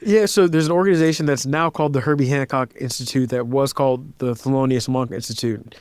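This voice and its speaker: A composer and pianist in his thirties tells stories in a relaxed interview, sounding casual and reflective. His mid-range voice is fairly even, a little mellow and clean, and he talks fast with no echo. He fills his speech with "like" and acts out the voices of people he quotes.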